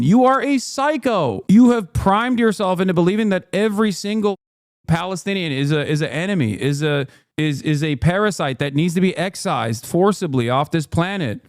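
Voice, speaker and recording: Fired-up high-voiced male streamer. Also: no echo, studio quality. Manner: angry, swearing, repeats himself. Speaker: political streamer. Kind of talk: heated live-stream commentary.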